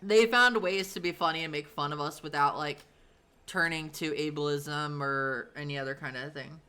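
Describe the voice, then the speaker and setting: A woman in her thirties chats on a live stream from her home setup, her voice bright and sharp. She rambles loosely through her stories, with plenty of fillers and the odd swear word, and her tone stays clean and crisp. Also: deep voice, moderate pace. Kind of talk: casual storytelling on a live stream.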